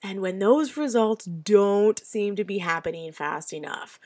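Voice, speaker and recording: A woman with a hoarse, congested voice hosts a casual solo podcast, chatting openly and confiding in her listeners. Her pitch sits right in the middle for a woman, and her talk is relaxed and self-deprecating. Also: a little slow. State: hoarse and stuffy from allergies. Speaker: podcast host. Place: home in the US Southwest.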